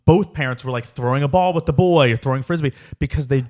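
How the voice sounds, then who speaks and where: Guy cohosting a chatty podcast, goofs around w silly accents, mid pitch. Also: quick pace, darkish tone. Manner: joking, drops into put-on accents. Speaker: podcast co-host. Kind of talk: casual chat.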